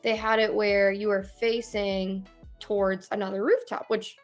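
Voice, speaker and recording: A woman's voice: mid-range voice, measured pace, soft background music. A woman in her twenties from Minnesota, co-hosting a casual podcast and telling stories with frequent laughter. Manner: chatty, laughs often, animated storytelling. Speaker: podcast co-host. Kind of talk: casual chat.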